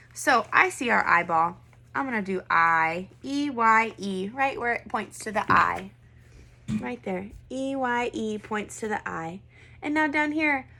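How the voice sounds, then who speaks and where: Bright-voiced woman teaching first grade. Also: a little high. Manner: patient, encouraging, asks questions and has kids repeat. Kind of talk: online classroom lesson.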